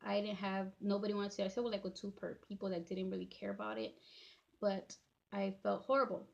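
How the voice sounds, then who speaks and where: A woman in her thirties telling her own life story in a halting, emotional way, full of fillers and restarts, tearing up as she talks. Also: medium pitch, little pitch movement, gravelly, a little mellow, highs cut off. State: tearful. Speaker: vlogger. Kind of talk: personal storytime.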